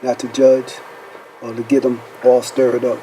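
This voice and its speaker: A man's voice: medium pitch, level tone, measured pace, warm tone, slight background noise, low-quality recording. A man hosting a faith-based counseling talk show, asking rhetorical questions and checking in with "right?" as he speaks. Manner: preacherly, rhetorical questions, says "right?" often.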